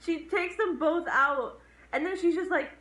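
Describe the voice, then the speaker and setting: A woman's voice: very high voice, unhurried. A young woman co-hosting a casual horror movie review, laughing often and chiming in with quips. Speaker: co-host reviewing a horror film. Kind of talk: casual chat recapping a movie. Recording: echoey room with faint background noise.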